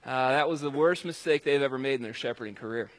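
A man's voice: mid-range voice, quick pace. A man preaching a sermon in a conversational, emphatic way, with fillers and restarts.

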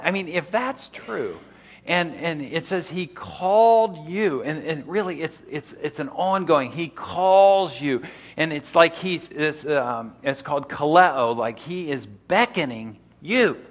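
A middle-aged man preaching to his congregation as pastor, his voice sitting a little higher than most men's. He talks in a loose, conversational way, restarting phrases and dropping in asides as he explains the passage. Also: animated, unhurried. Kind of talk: sermon.

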